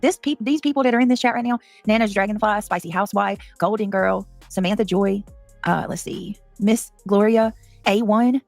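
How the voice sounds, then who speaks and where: A woman's voice: mid-range voice, moderate pace, creaky, darkish tone, no room sound, faint music behind. A woman, hosting a casual livestream, greeting viewers by name and talking emotionally and defensively.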